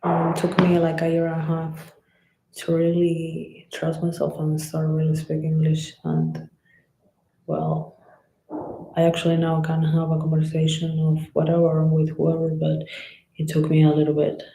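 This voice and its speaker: Spanish accent lady boxer on a stream, swears a lot, kinda flat, echoey room. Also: deep voice, unhurried, gravelly, a little hiss or hum. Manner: loose, chatty, swears freely. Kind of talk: casual live-stream chat answering comments.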